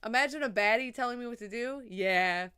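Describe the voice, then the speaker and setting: A young woman chatting casually on a livestream, rambling and swearing, a little drunk and high. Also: fairly quick, sharp tone, smooth.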